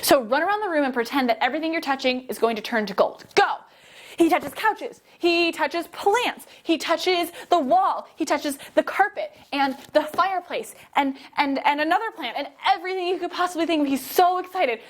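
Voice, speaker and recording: High-voiced, energetic woman storyteller. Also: moderate pace. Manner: energetic, encouraging, exclamatory. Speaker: children's movement teacher and storyteller. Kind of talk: guided kids' yoga storytelling.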